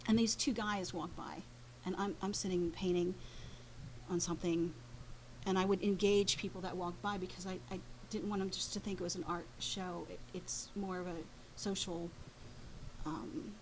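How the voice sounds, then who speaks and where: A woman painter, a guest in an interview, telling a story in a halting way, with many pauses and restarts. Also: lowish voice, fairly even intonation, a little mellow, slight background noise, low-quality recording.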